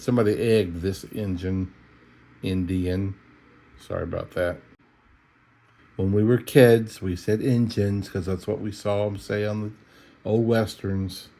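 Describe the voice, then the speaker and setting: On the low side and mellow, this man's voice stays steady and unhurried. He's a middle-aged coin roll hunter, worn out and yawning, giving easygoing, folksy narration as he goes through coin rolls at home late at night.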